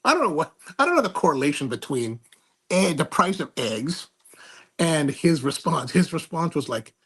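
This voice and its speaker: A man's voice: fairly high pitch, very animated, normal speed, fairly bright tone, breathy edge. A man hosting his own show, telling a rambling, snarky story with many restarts. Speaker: host. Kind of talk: casual monologue.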